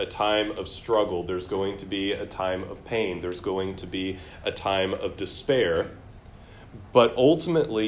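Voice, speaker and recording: A man's voice: fairly low pitch, slight background noise. A man leading a Bible class in a room, putting questions to the group and reading scripture aloud. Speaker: Bible study teacher. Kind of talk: interactive Bible class teaching.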